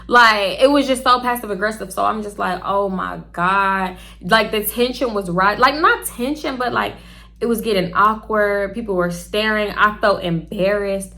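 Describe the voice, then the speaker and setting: A young woman, chatty and animated, telling a storytime to camera and talking straight to her viewers. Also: mid-range voice, normal speed, creaky. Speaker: storytime vlogger.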